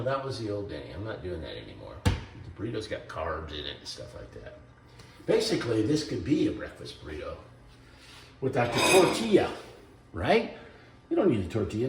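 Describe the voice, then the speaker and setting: A man's voice: mid-range voice, echoey room, distant mic, a little hiss or hum. Folksy older man rambling in his kitchen. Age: 60s. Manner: folksy, rambling, self-joking. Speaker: vlogger. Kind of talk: casual kitchen vlog. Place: home kitchen.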